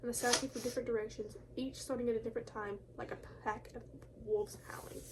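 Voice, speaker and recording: A woman's voice: a little high, steady tone, quick pace, a little hiss or hum. Playful young woman reading a scary story. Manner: playful, laughing, offhand. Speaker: video co-host. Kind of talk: reading horror posts aloud with casual chat.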